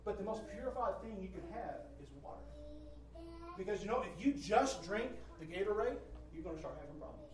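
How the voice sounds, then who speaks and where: A male preacher with a high, expressive voice delivers an emphatic sermon a little fast, letting his voice swell and drop and repeating phrases for effect. He's captured from a distant mic in a roomy hall with faint ambience.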